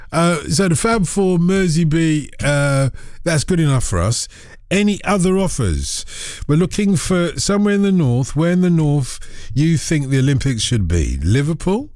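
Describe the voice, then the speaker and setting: A man's voice: fairly high pitch, darkish tone, no room sound, clean studio sound. A man hosting a radio phone-in, chatting casually and joking with callers. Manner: jokey and chatty, quick asides.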